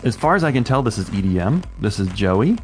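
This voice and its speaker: A man with a lowish voice co-hosts a casual music podcast. He tells anecdotes in a chatty way and laughs easily, with faint music underneath. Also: very animated, fairly quick. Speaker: podcast co-host.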